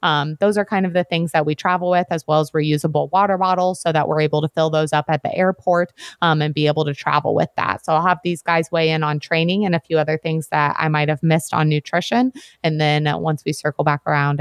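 A woman with a low voice co-hosting a casual podcast. She talks in a chatty, practical way with frequent fillers. The recording is close and dry. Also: steady tone, fast, creaky, few pauses, dry recording. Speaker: podcast co-host.

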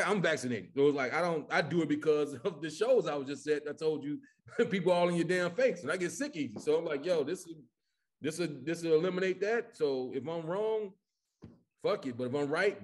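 Male comedian guest from Chicago; high-pitched, animated, profane storyteller. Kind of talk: casual podcast chat.

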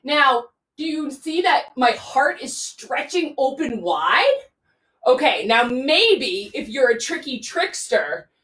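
A woman's voice: high voice, fairly bright tone. A woman guiding a children's yoga class, playful and sing-song, talking straight to the kids. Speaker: kids' yoga teacher. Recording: roomy echo, mic far off.

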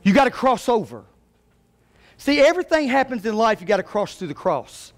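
A male pastor preaching a sermon, swinging between quiet talk and loud shouted climaxes. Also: very high-pitched, very animated, normal speed, soft background music.

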